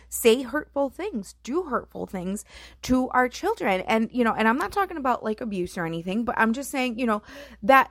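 A woman's voice: fairly high pitch, no room sound, clean studio sound. A middle-aged woman speaking as a mother, earnest and reflective, in a heartfelt personal monologue full of "you know" and "right?".

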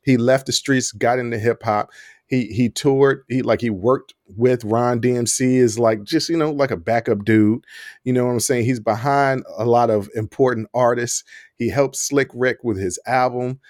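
A man's voice: mid-range voice, normal speed, no room sound, clean studio sound. A man co-hosting a podcast, chatting casually and animatedly, often laughing. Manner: animated, talks with his hands, laughs often. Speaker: podcast co-host. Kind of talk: casual chat.

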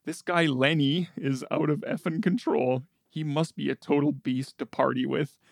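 A man's voice: a little high, steady tone, normal speed, creaky, no echo, clean studio sound. A man playing a brash, foul-mouthed male rock-show host who swaggers, insults people and says "effing" constantly in a comedy bit. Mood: brash, aggressive.

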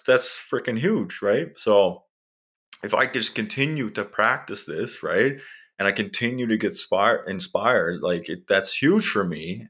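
A man's voice: low-pitched, fairly bright tone. A young man hosting a solo podcast, talking casually and with plenty of swearing, rambling and restarting his sentences. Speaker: podcast host.

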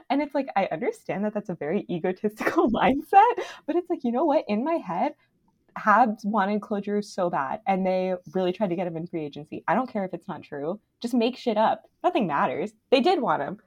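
A young woman from Canada co-hosting a podcast, talking in a gushing, animated way full of "like" fillers. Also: medium pitch, fairly quick, breathy edge. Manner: animated, filler-heavy, gushing fan talk. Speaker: podcast co-host. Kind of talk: casual chat.

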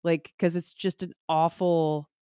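A woman's voice: lowish voice, unhurried, clear, resonant tone, dry recording, studio quality. A woman author, a guest on a podcast, chatting casually and telling stories with frequent laughter. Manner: laughs often, animated storytelling. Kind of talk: casual interview chat.

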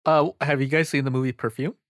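A man in casual podcast chat who talks at a mid pitch and rambles, hedging each thought with fillers. His voice is close and dry, with no room sound around it. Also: steady tone, fast, no room sound. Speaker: podcast co-host.

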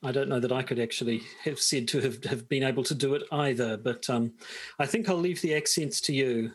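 A man co-hosting a podcast, speaking hesitantly and halting often. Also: medium pitch, husky, low-quality recording. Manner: hesitant, halting, with many restarts. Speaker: podcast co-host. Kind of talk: casual podcast chat.

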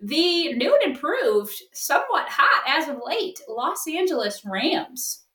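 A woman co-hosting a casual sports podcast, wry and quick to laugh. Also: high voice, very animated, sharp tone, recorded from a distance. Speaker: podcast co-host. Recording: echoey, off-mic.

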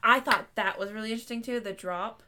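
A woman's voice: a little high, quick pace, background noise. A woman hosting a casual book-review podcast, chatting with friends, laughing often and reading passages aloud. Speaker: podcast host.

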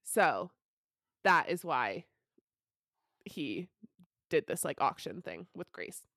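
A woman's voice: sits low, sing-song, takes it slowly, fairly bright tone, no echo, clean studio sound. A young woman co-hosting a podcast, recapping a book in casual chat full of "like" and offhand swearing. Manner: chatty, peppered with "like" and casual swearing. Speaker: podcast co-host.

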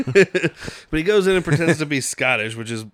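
Man recapping a movie, higher voice. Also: lively intonation, normal speed, fairly bright tone, dry recording, clean studio sound. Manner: laughing, acts out movie lines. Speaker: podcast host. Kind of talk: casual movie-review chat.

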